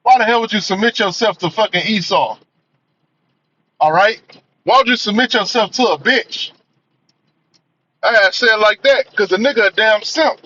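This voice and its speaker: A man's voice: sits high, moderate pace, long pauses, pushed and bright. A man giving a profane, emphatic rant as a movie reviewer, filling his talk with "man" and "you know.". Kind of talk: ranting commentary. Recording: dull lo-fi audio.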